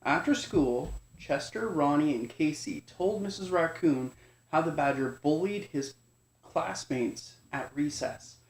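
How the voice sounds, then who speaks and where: A father gently reading a bedtime story to his young son, speaking informally and stumbling and correcting himself now and then. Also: on the high side, expressive, unhurried. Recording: echoey room.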